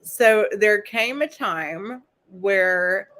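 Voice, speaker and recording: A woman hosting a casual live stream, talking through a documentary in a chatty, unscripted way. Her voice sits at a middle pitch, and she stops now and then to read letters aloud. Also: drawn-out words, a bit bright. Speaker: host.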